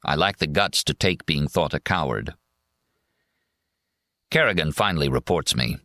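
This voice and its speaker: A man reading a memoir audiobook in a measured, steady first-person narration. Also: very deep voice, dry recording, studio quality. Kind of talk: scripted narration.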